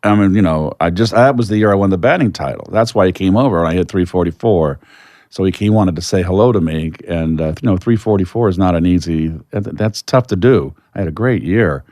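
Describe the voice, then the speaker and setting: An older man who once played professional baseball is a guest on a podcast interview, telling stories in a reflective way that turns lively when he acts out conversations. His voice is deep and a little fast, recorded dry with a clean studio sound.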